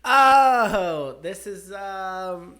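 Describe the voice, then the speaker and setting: A man's voice: high voice, very slow, smooth. A man co-hosting a podcast, guessing answers, exclaiming and laughing in casual chat. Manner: animated, exclaims and laughs, asks for hints. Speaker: podcast co-host guessing singers. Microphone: headphones and microphone.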